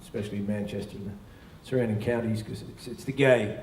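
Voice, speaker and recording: A man's voice: fairly low pitch, fairly even intonation, quick pace, a little mellow, a little hiss or hum. An Australian man doing a profane, rambling stand-up routine on stage in a large hall. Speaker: stand-up comedian. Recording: echoey live venue recording.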